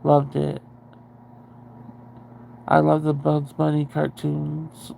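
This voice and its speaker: A woman's voice: sits low, monotone, takes it slowly, creaky, mellow, a little hiss or hum. A woman hosting a casual livestream, rambling and chatty as she answers viewer comments and swears freely. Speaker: livestream host.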